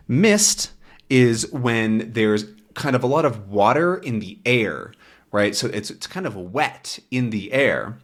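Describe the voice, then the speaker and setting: A man walks English learners through a comic, patiently explaining each word and checking in with "right?" He speaks slowly, in a middle pitch. His voice swings up and down in animated, expressive turns and acts out sounds along the way. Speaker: English teacher.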